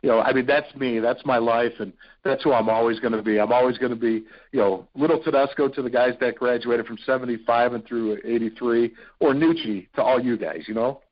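A man from Ohio, a radio personality, telling stories as a podcast guest in an animated, excitable way. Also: medium pitch, a little fast. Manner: animated, excitable storyteller with frequent fillers. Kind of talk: casual storytelling interview. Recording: dull lo-fi podcast audio.

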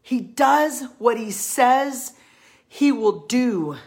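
Slow, gravelly-voiced woman giving an earnest faith talk. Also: on the high side, expressive. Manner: earnest, emphatic, pleading, repeats key lines. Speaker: Christian women's encourager. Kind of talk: heartfelt faith talk to followers.

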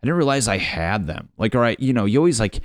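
A young man with a very low, gravelly voice rambles through a profane solo podcast rant, laughing at his own jokes. The sound is dry and close to the mic. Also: very animated, fast, no room sound. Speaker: podcast host.

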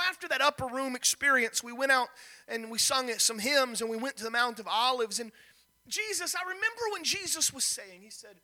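A man preaching a sermon, retelling a story with animated delivery and acting out the characters' lines. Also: very high-pitched. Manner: animated, acts out the characters' lines, repeats words.

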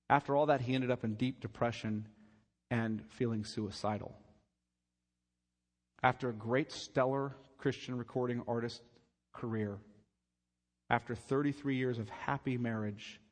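A man's voice: medium pitch, darkish tone. A male pastor preaching a sermon, emphatic, repeating phrases and pressing his listeners with rhetorical questions. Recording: long reverb of a large church hall.

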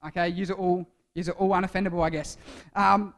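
A man's voice: high-pitched, level tone, fast, fairly bright tone. A man preaching to a youth group in a playful, joking way, quizzing the audience by name. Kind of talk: interactive youth sermon.

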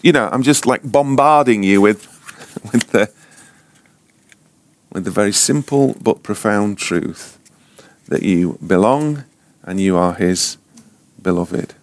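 A man's voice: medium pitch, animated, unhurried, long pauses. A man teaching a Bible class informally, rambling and joking, often breaking off mid-sentence. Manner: rambling, self-interrupting, joking. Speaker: ministry school teacher.

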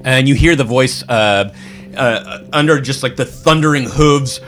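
A man narrates a tabletop game as game master at a middling pitch. His descriptions are loose and searching. He pauses often for fillers. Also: fairly bright tone, faint music behind.

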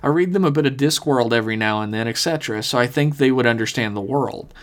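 A man's voice: medium pitch, quick pace. A man co-hosting a casual podcast, reading listener emails aloud and chatting loosely with fillers and swearing. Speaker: podcast co-host.

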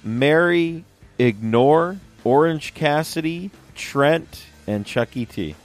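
A man's voice: on the high side, expressive, takes it slowly. A young man co-hosting a casual podcast chat, rambling with lots of fillers. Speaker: podcast co-host.

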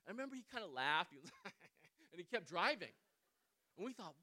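A man preaching a sermon. He tells a personal story in an animated way, often checking in with listeners by asking "right?". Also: high voice, normal speed. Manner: animated storyteller, swings between loud and quiet.

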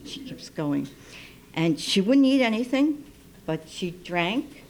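A woman who works as a midwife, telling a personal story live in an unhurried, intimate way and dropping to a soft hush when she quotes herself. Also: low voice. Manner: unhurried, intimate, drops to soft near-whispers when quoting. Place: radio station studio. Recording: live radio broadcast, faint noise.

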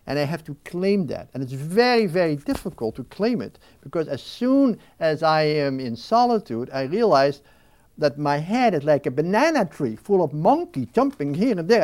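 A man's voice: on the high side, normal speed. A man talking earnestly and reflectively about prayer in an interview, often restarting sentences and briefly acting out restless thoughts. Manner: earnest, with frequent restarts and lively mimicking of racing thoughts. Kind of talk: reflective spiritual talk.

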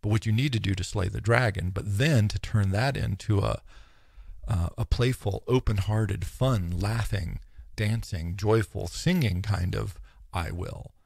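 A man with a gravelly, husky voice, pitched a little low, lecturing on philosophy. He muses aloud, restarts his sentences and slips into quoted asides. The sound is dry and close. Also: measured pace, a little mellow, no echo. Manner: thoughtful, musing, with frequent restarts and quoted asides. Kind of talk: informal lecture.

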